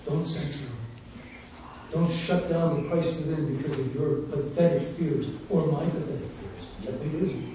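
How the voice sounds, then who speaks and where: Male preacher, high voice, fervent testimony sermon, distant muffled echoey hall recording. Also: fairly even intonation, normal speed, a little hiss or hum. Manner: fervent storytelling, swinging from hushed to loud.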